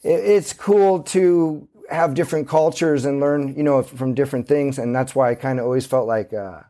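A man's voice: medium pitch, normal speed, mellow. A man from Santa Cruz, a skateboarder guest, telling stories in a loose, rambling way full of fillers. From Santa Cruz, California. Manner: rambling storyteller, many fillers, easygoing. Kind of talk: casual interview.

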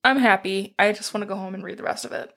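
A woman's voice: medium pitch, fast, bright, forceful tone. A woman co-hosting a podcast in casual chat, bubbly and laughing often. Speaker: podcast co-host.

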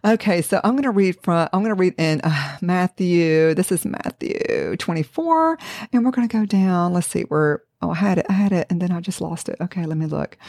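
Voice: medium pitch, a little mellow, dry recording. A Bible teacher talking in a casual, conversational way, often checking in with "okay?" and reading scripture aloud in old-fashioned wording. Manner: reads scripture aloud in King James wording.

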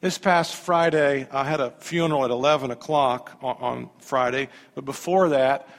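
Pastor guy preaching, gets loud then goes quiet, big hall echo. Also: medium pitch, moderate pace. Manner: animated preaching, swings from hushed to loud. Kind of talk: sermon. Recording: long hall reverb.

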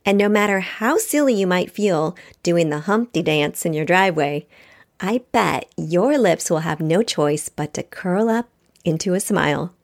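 A woman's voice: on the low side, animated, unhurried. A woman hosting her own podcast, speaking straight to listeners in an upbeat, encouraging way and reading aloud from her book. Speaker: podcast host.

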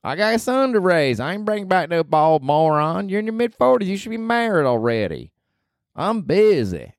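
A man's voice: high-pitched, sing-song, moderate pace, dry recording, studio quality, pitched above the performer's own voice. A man putting on the voice of a blunt, sassy woman with a put-on drawl, scolding in a bossy way. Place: apartment.

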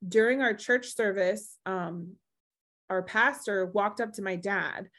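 A young woman, a podcast guest, telling a personal story in lively fashion and playing the other people's voices as she goes. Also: medium pitch, slow. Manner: animated storyteller acting out quoted voices.

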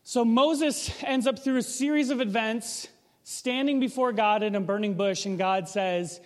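A man's voice: very high voice, measured pace, in a large hall. A man preaching a sermon in a casual, conversational way, asking the room rhetorical questions. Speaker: pastor.

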